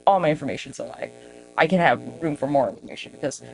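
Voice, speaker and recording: A woman's voice: a bass voice, fast talker, creaky, slight background noise. A woman hosting her own podcast, rambling in a casual, profane, self-mocking monologue aimed straight at her viewers. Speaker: podcast host.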